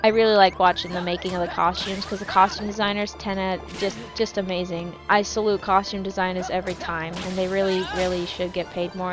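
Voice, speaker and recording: A woman's voice: mid-range voice, fairly even intonation, a little fast, hardly any pauses, fairly bright tone, faint music behind. A woman chatting casually while gaming, rambling and swearing freely in a jokey put-on accent. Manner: jokey put-on East Coast-style accent. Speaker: gaming streamer.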